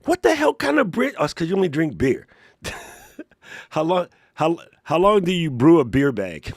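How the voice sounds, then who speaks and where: A man hosting a live Q&A stream, playful and joking, chatting to viewers in a slightly hoarse voice. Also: a little high, big pitch swings, moderate pace, dry recording, clean studio sound. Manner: playful, joking, laughs often, reads chat aloud. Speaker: livestream Q&A host. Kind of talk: casual live-stream chat.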